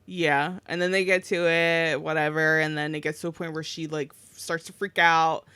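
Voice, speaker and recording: A woman's voice: low voice, flat delivery, moderate pace, pushed and bright, clear, resonant tone, no room sound. A young adult woman co-hosting a casual podcast chat, easygoing and agreeable, retelling scenes. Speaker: podcast co-host.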